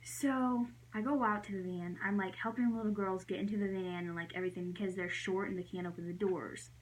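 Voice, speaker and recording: A woman's voice: medium pitch, fairly even intonation, a little fast, rough recording. A young adult woman telling a storytime vlog in a chatty way, full of "like" fillers, her voice jumping up when she acts out her own reactions. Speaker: vlogger.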